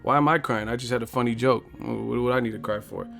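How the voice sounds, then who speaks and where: Guy hosting a boxing livestream, swears a lot, clowns on commenters, mid-pitched voice. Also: steady tone, fast, gravelly, a bit bright, faint music behind. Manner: profane, joking, trash-talks chat; reads viewer comments aloud. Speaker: boxing live stream host. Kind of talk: casual live stream chat.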